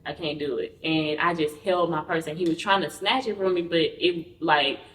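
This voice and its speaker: A woman guest telling a personal story in an interview. She talks candidly and acts out the quoted dialogue with lively energy. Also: deep voice, moderate pace. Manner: candid, conversational. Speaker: podcast guest. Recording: roomy, mic at a distance.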